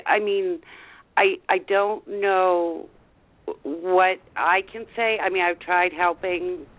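A woman guest on a radio show, speaking earnestly and haltingly, often repeating herself. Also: on the low side, fairly even intonation, dry recording. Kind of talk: heartfelt casual radio chat. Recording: tinny phone line.

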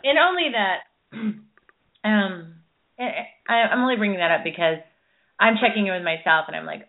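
A woman's voice: medium pitch, lively intonation, moderate pace. A woman hosting a radio interview, chatty and reflective, talking about her own experience. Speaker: host. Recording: phone-like line.

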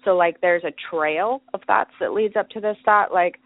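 Low-voiced woman, dry phone-like sound. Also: moderate pace, dry recording. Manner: chatty, explanatory, with fillers and restarts. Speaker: podcast host. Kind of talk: casual solo podcast talk.

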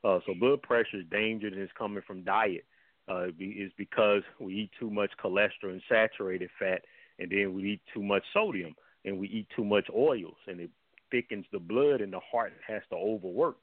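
Blunt low-voiced man on a phone line. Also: brisk, no room sound. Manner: blunt, heated, emphatic. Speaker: health guest. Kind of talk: radio call-in talk. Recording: tinny phone line, dry.

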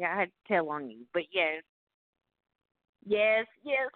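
A woman with a Southern US accent, co-hosting a casual call-in radio show and rambling through animated stories with some cursing. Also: fairly low pitch, unhurried, long pauses, no echo. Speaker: co-host. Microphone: phone. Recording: tinny phone line.

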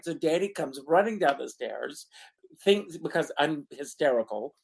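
A man's voice: a little high, normal speed, gravelly, darkish tone, breathy edge. A man co-hosting a talk show, telling a personal story with dramatic flair and laughing through the sad parts. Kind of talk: casual chat, personal storytelling.

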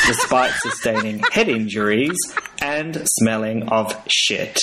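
A man's voice: mid-range voice, noisy background. A man putting on a mock-formal Australian Siri assistant voice in a joking voicemail. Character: cheeky male Siri assistant voice. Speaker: listener voicemail caller.

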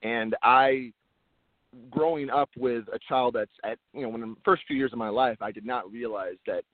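In an interview, a man who works as an actor speaks at a normal pace in a medium-pitched voice, sincere but casual, with frequent restarts that repeat words. His audio is dry and echo-free, coming through a tinny, phone-like line.

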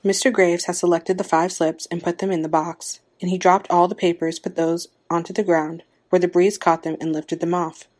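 Woman with a lowish voice to narrate a story, measured and expressive. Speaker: story reader.

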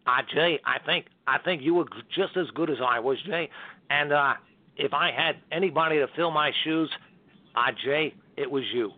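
A man impersonating a veteran late-night host, slow and gracious, over a phone line. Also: on the high side, dry recording, pitched below the performer's own voice.

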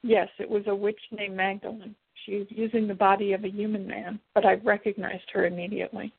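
A woman's voice: mid-range voice, little pitch movement, a little fast, vocal fry, slightly rough, no room sound. A woman voicing a polite, loyal male spirit servant with formal, courteous phrasing. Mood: earnest. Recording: tinny phone-like, dry.

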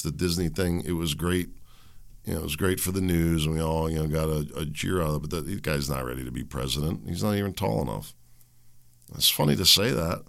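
A man's voice: deep voice, creaky, fairly bright tone. A male radio show host giving rambling, conversational solo commentary and chuckling at his own remarks.

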